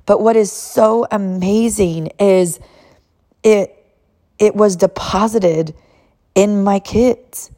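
A mother in her thirties telling an animated, emotional family story and encouraging other mothers, laughing often. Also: mid-range voice, slow, pauses often.

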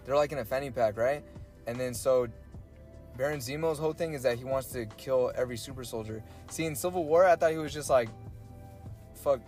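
Brief: young male podcast co-host, casual, profane, acts out lines, mid pitch. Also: quick pace, faint music behind. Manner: animated, swearing, acts out characters' lines. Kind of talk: casual chat.

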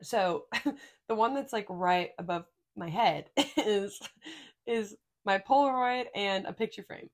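A woman's voice: medium pitch, takes it slowly. A young adult woman co-hosting a podcast, telling stories in a casual, rambling way full of fillers and laughter. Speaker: podcast co-host. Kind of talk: casual chat.

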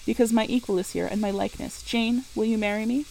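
A woman voicing an earnest, passionate Victorian gentleman pleading his love in an audiobook reading. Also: fairly high pitch, fairly even intonation, fast talker, vocal fry, slight background noise, rough recording.

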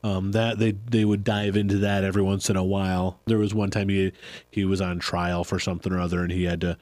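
Middle-aged man, low and rambling. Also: flat delivery, fairly quick, a little mellow, no echo. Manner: rambling, self-correcting. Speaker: podcast co-host. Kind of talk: casual chat.

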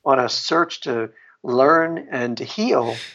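A man's voice: mid-range voice, takes it slowly, fairly bright tone. A middle-aged man, an author and guest, telling a personal story in an interview in a reflective way, laughing often and restarting sentences. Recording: dull lo-fi sound.

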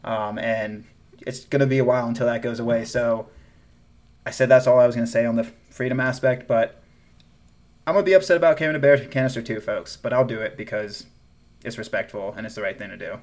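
A Southern-accented man co-hosting a casual podcast. He talks in an animated way, laughs often, and trails off and restarts as he goes. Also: medium pitch, fairly quick. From American South. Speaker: podcast co-host. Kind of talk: casual chat.

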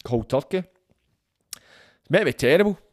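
A man's voice: fairly high pitch, lively intonation, unhurried, a little mellow. A man hosting a solo podcast, talking casually in a blunt, frank way and swearing freely. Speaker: podcast host.

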